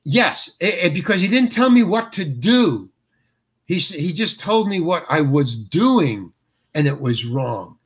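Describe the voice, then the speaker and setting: An older man, an actor being interviewed, telling a story in a halting way with many restarts and acted-out quotes. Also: fairly high pitch, sing-song.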